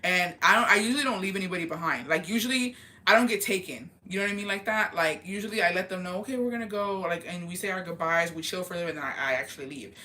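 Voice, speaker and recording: Fast-talking young woman telling gossip. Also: on the low side, a little hiss or hum. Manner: animated, profane, rapid storytelling. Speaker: vlogger. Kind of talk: storytime gossip vlog.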